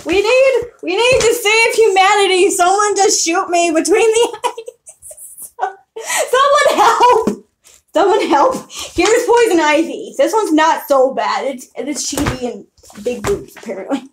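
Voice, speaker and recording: A woman's voice: very high voice, lively intonation, moderate pace, slight background noise. A young woman on a casual live stream, talking through her old drawings in a giggly, self-mocking ramble.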